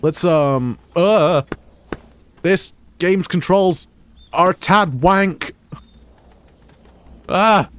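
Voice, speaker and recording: A man's voice: sits high, drawn-out words, long pauses, a bit bright. A man, streaming a game and rambling crude jokes at home. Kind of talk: gameplay live stream commentary.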